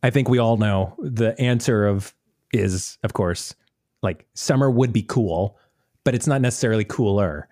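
A man's voice: lowish voice, moderate pace, warm tone, dry recording, studio quality. A man co-hosting a podcast in casual chat, joking and rambling. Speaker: podcast co-host.

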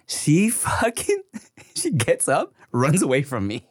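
A man in his thirties co-hosts a podcast and tells a story in casual, profane talk. His pitch jumps around a lot, and he laughs often. The sound is close and dry, with no room echo. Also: wildly swooping pitch, unhurried. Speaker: podcast co-host. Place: podcast studio.

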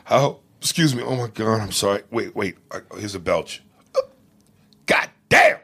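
A man's voice: fairly low pitch, normal speed, vocal fry, fairly bright tone, breathy edge. A man co-hosting a podcast in crude, casual chat, laughing and mumbling asides. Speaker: podcast co-host.

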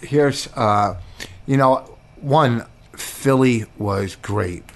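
A man's voice: mid-range voice, very slow, vocal fry. A middle-aged man co-hosting a podcast, chatting casually in a dry, teasing, long-suffering way. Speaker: podcast co-host, comedian. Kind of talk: casual bickering chat.

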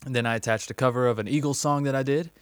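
Easygoing male podcast co-host, mid pitch, dry studio sound. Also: fairly even intonation, very fast, dry recording. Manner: chatty, easygoing, reads ad copy. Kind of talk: casual podcast chat.

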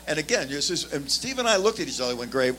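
A man on a panel looks back on auditions with enthusiasm, and his voice swings widely in pitch. He speaks at a medium pitch, often pauses on fillers, and a faint noise sits behind him. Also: big pitch swings, sharp tone. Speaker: bass player guest. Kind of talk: casual recollection on a panel.

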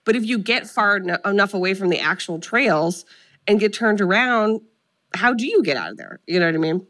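A young adult woman co-hosting a casual chat, retelling a film with animated storytelling and quoted lines. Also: mid-range voice, fairly quick. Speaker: podcast co-host.

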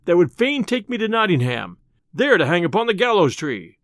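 A man's voice: high-pitched, big pitch swings, moderate pace, fairly bright tone, no room sound, clean studio sound, full character voice. A man playing a merry, bold outlaw with a jaunty, boisterous manner. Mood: defiant. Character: merry bold male outlaw, laughing and sly.

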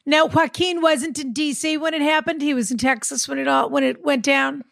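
A woman co-hosting a podcast with a high voice and a gravelly edge, asking playful, teasing questions. The sound is dry and close. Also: fairly even intonation, normal speed, fairly bright tone, no room sound. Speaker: podcast co-host. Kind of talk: casual chat.

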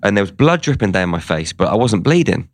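Deep-voiced man telling a story. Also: sing-song, fairly quick, no echo. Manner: conversational, retells events with quoted dialogue. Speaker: guest. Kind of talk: storytelling in an interview.

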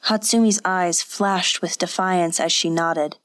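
A woman narrating an audiobook in a measured, unhurried manner. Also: on the low side, steady tone, a bit bright.

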